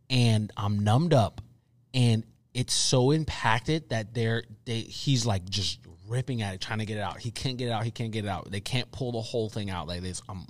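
A young man co-hosting a podcast, chatting casually and telling a story with animated repetition for emphasis. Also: fairly low pitch, dry recording. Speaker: podcast co-host. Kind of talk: casual chat.

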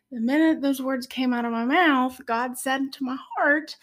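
A middle-aged woman with a slightly high voice tells a personal story in an earnest, halting way, pausing often on fillers. She speaks with heartfelt emotion in a relaxed conversation. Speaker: podcast guest.

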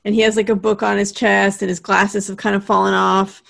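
A woman co-host talks through a TV episode in a relaxed, chatty way. She narrates scenes plainly in a mid-pitched everyday voice. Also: a little fast, gravelly. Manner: easygoing, laughs along, chatty narration. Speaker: podcast co-host. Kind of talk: casual episode recap chat.

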